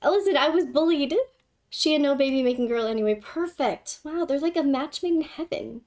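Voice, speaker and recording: A woman's voice: sits high, a little fast, a little mellow. A young woman hosting a casual livestream, giggly and gushing, swearing casually as she chats. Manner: giggly, swears casually, gushes over her cat. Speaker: livestream host.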